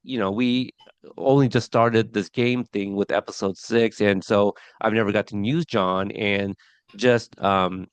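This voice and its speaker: Smooth-voiced man chatting on a podcast. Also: fairly low pitch, fairly even intonation, measured pace, no room sound. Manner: chatty, many fillers and restarts. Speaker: podcast co-host reviewing a TV episode. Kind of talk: casual podcast chat.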